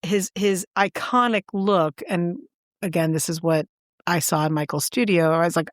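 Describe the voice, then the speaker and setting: A woman co-hosting a podcast, telling a story in casual chat with animated enthusiasm and sudden jumps in pitch for emphasis. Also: normal speed, no echo, studio quality. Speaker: podcast co-host.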